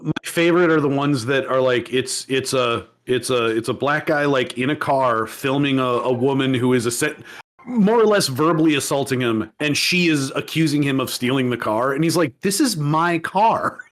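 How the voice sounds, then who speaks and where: A man's voice: medium pitch, normal speed, fairly bright tone. A man co-hosting a podcast in casual chat, rambling with restarts and laughing often. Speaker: podcast co-host.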